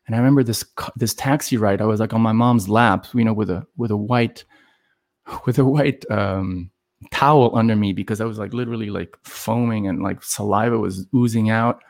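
A man from Los Angeles, a podcast guest telling a personal story in a lively conversational way, full of "like" and "you know" fillers and acted-out quotes. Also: lowish voice, moderate pace. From Los Angeles, USA. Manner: animated, acts out quoted voices, heavy "like" and "you know" fillers.

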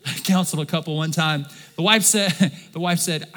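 A man preaches to his church in a high, bright voice that carries a long reverb through the hall. He drops low and quiet, then climbs loud and emphatic, calling out for the congregation to answer back. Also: fairly quick. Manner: swings from soft and low to loud and emphatic, calls for congregation response. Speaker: pastor. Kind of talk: sermon.

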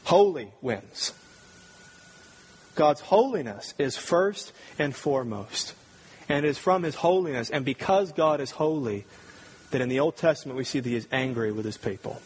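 A man preaching a sermon with strong emphasis, swinging from loud, ringing peaks down to low, quiet stretches. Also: animated, normal speed, a little hiss or hum. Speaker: pastor.

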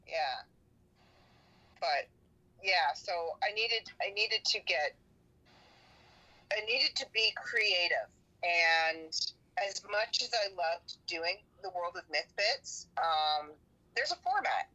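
A woman's voice: lowish voice, expressive, slow pace, long pauses, sharp tone. A woman podcaster and writer chatting casually as a guest, laughing often, heard over a phone line.

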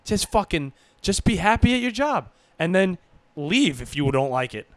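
A man co-hosting a podcast in loose, profane banter. His voice sits a little high for a man and is recorded dry and close, with no room sound. He jokes around and sometimes slides into mock pep talks. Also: big pitch swings, normal speed, dry recording. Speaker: podcast co-host. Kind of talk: casual podcast chat.

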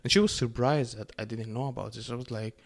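Young Middle Eastern-born man, mid-pitched, profane sarcastic rant straight to the audience. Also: fast. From Middle East. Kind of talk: casual rant to camera.

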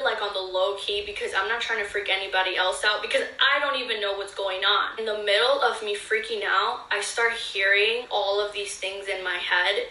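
A woman's voice: mid-range voice, sharp tone, distant mic. A young woman earnestly telling a personal story to her viewers in a casual, filler-heavy way. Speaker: vlogger. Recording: echoey room, voice a bit off-mic.

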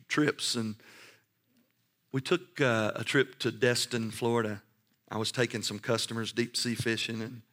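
A middle-aged man preaching a folksy, animated sermon story, rising to shouts on the punchlines. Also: mid-range voice.

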